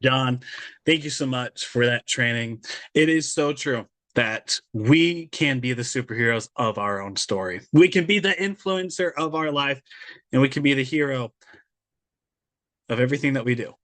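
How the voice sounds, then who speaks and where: A man's voice: mid-range voice, animated, normal speed, a bit bright, no echo. A male host thanking a speaker and the audience in earnest closing remarks.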